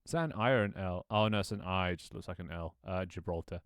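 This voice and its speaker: A man with an English accent talks casually to his stream in a lowish voice. He rambles, jokes and swears freely. The sound is close and dry, with no room around it. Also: fast talker, no room sound. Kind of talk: casual live-stream chat.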